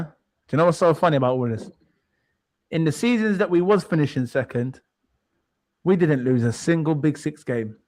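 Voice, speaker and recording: A high-pitched man trades heated football banter on a podcast. He boasts and taunts, hammering the same point again and again. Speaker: podcast co-host.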